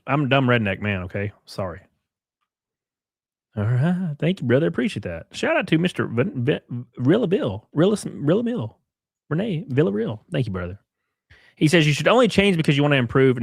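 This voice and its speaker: A man's voice: mid-range voice, no room sound, studio quality. A man hosting a casual livestream, talking bluntly with plenty of swearing and reading out viewer messages. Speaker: livestream host.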